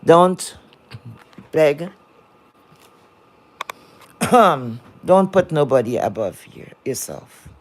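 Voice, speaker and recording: A woman's voice: low voice, animated, extremely slow, pauses often, darkish tone. A woman moderating a livestream chat, lecturing and scolding viewers in a blunt, profane rant.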